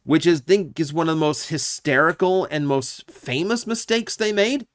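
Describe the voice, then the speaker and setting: A man's voice: fairly high pitch, normal speed, no echo, clean studio sound. A man hosting his own channel, giving casual, opinionated commentary with lots of asides and fillers. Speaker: YouTube channel host.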